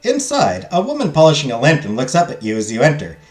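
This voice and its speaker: Talking fast, a man with a highish voice and wildly swooping pitch reads a text game's narration on stream. He jokes with his chat, dropping self-deprecating asides between passages as in a let's play. The sound is echoey and roomy, with faint game music.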